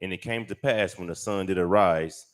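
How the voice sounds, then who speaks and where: A man reading scripture aloud in a steady, measured way, away from the microphone. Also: deep voice. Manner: steady, measured reading of old-fashioned text. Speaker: scripture reader.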